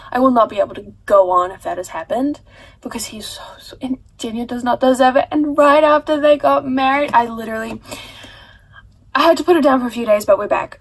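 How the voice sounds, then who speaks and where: A woman's voice: fairly high pitch, husky. A young woman book vlogger rambling casually to camera, with many restarts and swearing. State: crying. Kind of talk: casual vlog chat.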